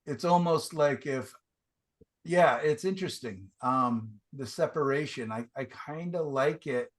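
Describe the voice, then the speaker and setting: Over a video call, a man teaching a painting class gives casual, enthusiastic feedback, chatty and full of fillers. His voice is mid-range and unhurried.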